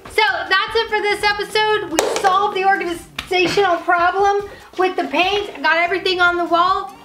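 A woman's voice: very high-pitched, fairly even intonation, normal speed, music in the background. A woman hosting a casual vlog, talking in a teasing, bossy banter. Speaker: vlog host. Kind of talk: casual chat.

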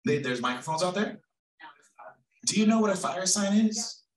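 A man leading a group activity at an event, energetic and playful as he calls out to the crowd. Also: high voice, moderate pace, recorded from a distance, rough recording. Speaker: workshop facilitator. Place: large event hall.

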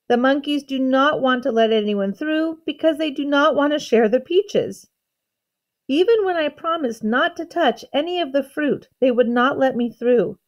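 Woman doing a sniffling, tearful young dragon. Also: sits high. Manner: sniffling, plaintive. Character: tearful young male dragon, gentle and naive.

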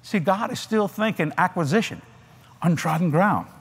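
An older man with a drawl preaches to a big convention crowd, his husky voice sitting a little high for a man. He swings his pitch up and down with great animation. He tells it folksy, with little laughs and asides. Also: animated, moderate pace. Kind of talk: sermon. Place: large convention hall.

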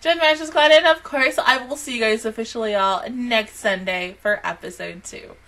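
A young woman giving a casual anime reaction review, chatty, laughing often and squealing high when excited. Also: moderate pace.

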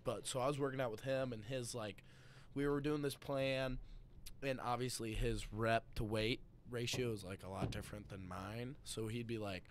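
Young man, casual podcast chat, animated storyteller, laughs often, swears, faint low rumble behind. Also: normal speed. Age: young adult. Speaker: podcast guest.

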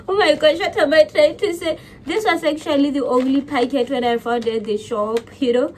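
A woman's voice: high voice, fairly even intonation, normal speed, slight background noise. A woman from Botswana chatting casually through a grocery haul and package unboxing, peppering her talk with "you know" and "guys". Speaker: vlogger. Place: home.

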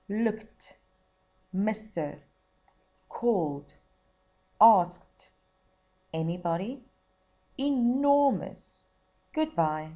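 Slow, expressive teacher reading a story. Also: female voice, mid-range voice. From South Africa. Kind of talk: reading a story aloud to children.

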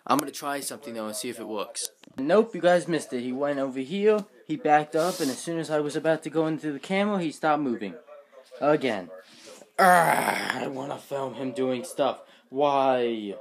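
A man's voice: medium pitch, a little fast. A young man vlogging in a rambling, playful, self-mocking way from his home floor. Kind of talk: casual chat vlog.

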